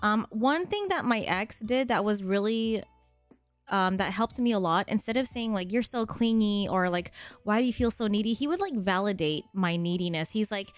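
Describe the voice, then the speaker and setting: Chatty young woman streamer, rambling fast. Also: medium pitch, animated, clean tone, no echo. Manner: rambling, chatty, swears freely, laughs often; reads chat aloud and answers it. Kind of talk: casual stream chat. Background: faint music.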